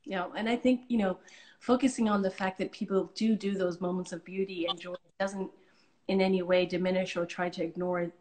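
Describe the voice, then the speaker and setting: A woman's voice: fairly low pitch, steady tone, fairly quick, darkish tone. Earnest woman host sharing stories. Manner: earnest, appreciative storytelling with restarts. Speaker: host, charity leader. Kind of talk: conversational interview.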